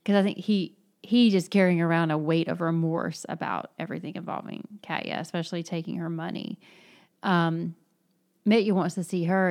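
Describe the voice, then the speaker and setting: A woman's voice: lowish voice, vocal fry, darkish tone. A woman in a casual book discussion, talking reflectively with many hesitations and fillers.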